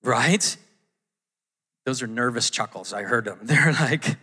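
A man's voice: mid-range voice, unhurried, pauses often, pushed and bright, husky. A man preaching a conversational sermon in a church, often restarting his sentences and acting out quotes. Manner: conversational, self-interrupting, acts out quotes. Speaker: pastor. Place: church auditorium.

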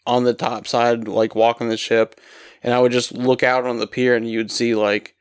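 A man's voice: mid-range voice, flat delivery, moderate pace, clean tone, no echo, studio quality. A man telling a story in casual chat, full of fillers. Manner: loose, filler-heavy storytelling.

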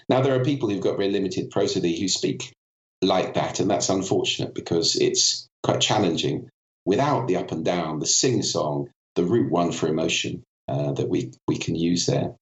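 A man with a very low voice and a cold talks as an interview guest, explaining clearly and acting out vocal effects as examples. The sound is dull and a little roomy, like a remote recording. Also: moderate pace. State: has a cold. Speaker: podcast guest, voice and communication expert.

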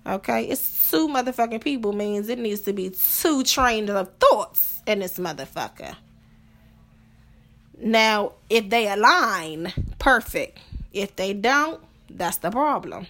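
A blunt, profane woman hosts a podcast, delivering a casual monologue about relationships full of rhetorical questions. Her mid-range voice is animated and slightly bright, and she takes her time.

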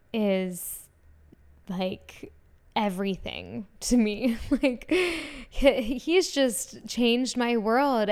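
A woman's voice: mid-range voice, a little mellow, smooth. A woman in her twenties hosting a casual solo podcast, gushing enthusiastically and filling her talk with "like". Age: 20s. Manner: gushing, enthusiastic, many "like" fillers. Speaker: podcast host.

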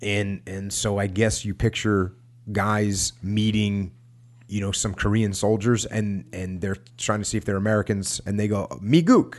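Low-voiced man reading and chatting. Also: level tone, normal speed. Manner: conversational, frequent restarts and asides. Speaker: podcast host reading a war memoir. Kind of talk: reading aloud with casual commentary.

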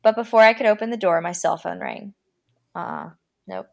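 A woman podcast host reading a horror story aloud, with a dramatic delivery that slows down for the creepy lines. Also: medium pitch, vocal fry.

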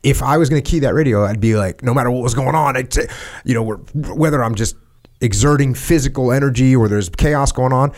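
A man from the United States, a podcast host, talking in a relaxed conversation and telling stories in a steady, reflective way. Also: medium pitch, a little fast. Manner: reflective, retells radio calls in a calm level voice. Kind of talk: casual conversation.

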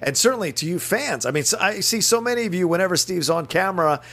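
Gravelly man co-hosting a podcast. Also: high-pitched, animated, fast, pushed and bright. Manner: heartfelt, expansive. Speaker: podcast co-host. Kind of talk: closing remarks to listeners.

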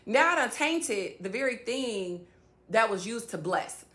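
A woman's voice: fairly high pitch, animated, a little slow, pushed and bright. A woman speaking casually to her viewers about faith, rambling and addressing them directly. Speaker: faith vlogger. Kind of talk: casual faith-based talk to camera.

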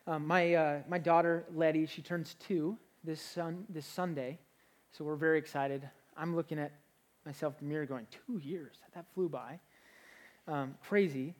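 A young man, a pastor, preaching a sermon in an energetic, conversational way, with frequent restarts. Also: on the high side, moderate pace.

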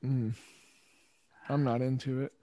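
A man hosting a casual chat show, thinking aloud in a measured way with pauses and fillers. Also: medium pitch, little pitch movement, dark tone, no echo. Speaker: podcast host.

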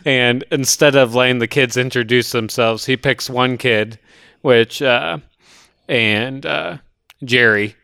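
A young man co-hosting a movie podcast, recapping scenes in a relaxed storytelling way. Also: medium pitch, takes it slowly, creaky, clear, resonant tone, dry recording, clean studio sound. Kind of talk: casual chat.

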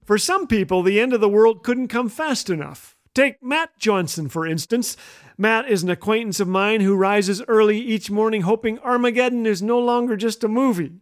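A man from Canada hosting a radio show, telling a humorous story in a wry, deadpan way. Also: sits high, moderate pace. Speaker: radio host. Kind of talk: scripted humorous radio commentary.

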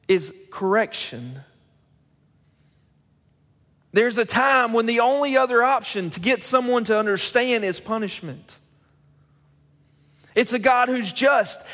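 High-voiced young pastor preaching in a hall. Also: male voice, fairly bright tone. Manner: storytelling, builds to emphatic preaching. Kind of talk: sermon. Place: church sanctuary. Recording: long hall reverb.

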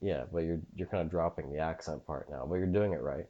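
A man's voice: a bass voice, brisk, narrow, tinny audio. A man co-hosting a comedy podcast in casual chat, joking, crude and teasing. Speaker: podcast co-host.

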